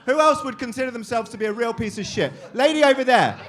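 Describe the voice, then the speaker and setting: A man hosting a live comedy show, teasing the audience with crude, quick-witted crowd work. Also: very high-pitched, expressive, fairly bright tone. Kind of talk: crowd-work stand-up banter.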